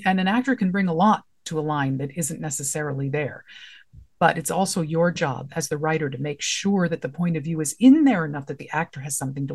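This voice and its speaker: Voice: medium pitch, breathy edge. Conversational writing teacher explaining with examples. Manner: conversational, explains through example lines and questions. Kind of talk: casual instructional talk.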